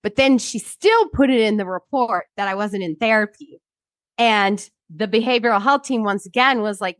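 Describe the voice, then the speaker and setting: A woman's voice: medium pitch, normal speed, a bit bright, no echo. A woman in her thirties, a guest in an interview, telling a personal story bluntly and with frequent swearing, acting out what other people said.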